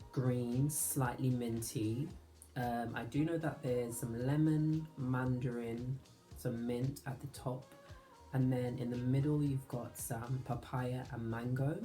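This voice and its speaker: A man hosting his own fragrance channel, chatting casually and nostalgically, with soft laughs. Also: mid-range voice. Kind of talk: casual reminiscing vlog.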